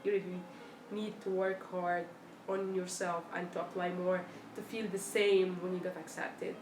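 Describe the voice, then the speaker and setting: A woman's voice: fairly low pitch, moderate pace. Chatty young woman on a live stream. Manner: chatty, animated storytelling, acts out quoted dialogue. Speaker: live-stream host answering viewer questions. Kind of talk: casual live Q&A chat. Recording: echoey room, faint background noise.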